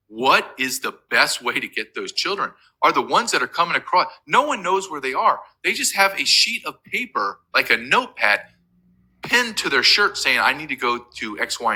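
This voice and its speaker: Urgent, emphatic man with a lively voice. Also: medium pitch, breathy edge, poor audio. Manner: urgent, emphatic, with many restarts. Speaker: interview guest. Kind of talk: impassioned remote interview.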